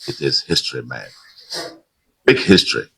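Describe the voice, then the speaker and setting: Governor in his sixties, very deep, emphatic, measured public address. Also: very animated, creaky, pushed and bright, breathy edge, poor audio. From Nigeria. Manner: measured, emphatic, with pauses and fillers. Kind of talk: victory speech.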